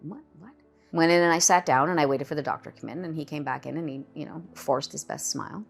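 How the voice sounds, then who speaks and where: A woman's voice: low-pitched, fairly even intonation, fast, creaky, faint music behind. A middle-aged woman candidly telling her own story as a cancer patient, in a conversational personal testimony.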